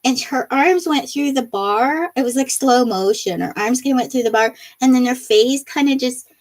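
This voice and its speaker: A woman's voice: high-pitched, normal speed. A woman hosting a casual live stream, reading viewer comments aloud and laughing often, her nose a little runny. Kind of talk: casual live chat while crafting.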